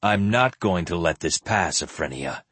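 A man's voice: sits low, animated, normal speed, fairly bright tone, slightly rough, dry recording, pitched below the performer's own voice, full character voice. A man voicing a stern, grim male knight leader with firm, clipped speech.

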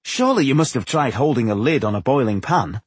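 A male narrator voicing a calm, knowledgeable male dwarf scholar who explains things patiently. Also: mid-range voice, fairly quick, slightly rough, no echo. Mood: explaining. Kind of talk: audiobook character voice.

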